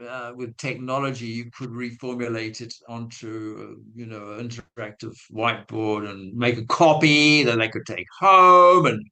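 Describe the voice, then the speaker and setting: A man's voice: medium pitch, pushed and bright, rough recording. A man giving a webinar talk to teachers, telling a classroom story in a chatty, self-mocking way with acted-out quotes. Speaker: guest speaker on language teaching.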